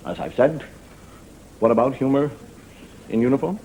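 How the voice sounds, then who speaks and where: A man's voice: medium pitch, moderate pace, warm tone, a little hiss or hum, rough recording. A man hosting a comedy show, telling a stand-up story and chuckling between lines. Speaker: comedian host. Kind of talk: stand-up monologue.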